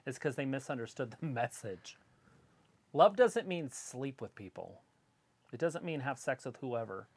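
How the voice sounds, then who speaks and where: A man's voice: mid-range voice, animated, unhurried, slightly rough. A man co-hosting a wrestling watch-along, chatting casually in a laid-back way and dropping dry, offhand jokes. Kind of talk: casual chat.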